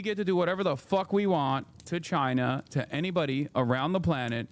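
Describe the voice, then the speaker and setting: A man's voice: on the high side, fairly quick, few pauses. Profane ranting male streamer. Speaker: political streamer. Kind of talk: casual political commentary.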